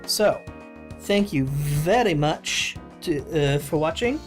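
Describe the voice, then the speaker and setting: A woman's voice: deep voice, lively intonation, takes it slowly, faint music behind. A woman streamer giving casual let's-play commentary, laughing and correcting herself as she goes.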